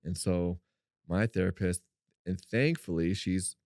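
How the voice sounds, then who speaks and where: Man, low voice, dark tone, animated storytelling, dry sound. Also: measured pace, no echo. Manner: animated storyteller, acts out quotes in a high voice. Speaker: podcast co-host. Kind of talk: faith-based podcast storytelling.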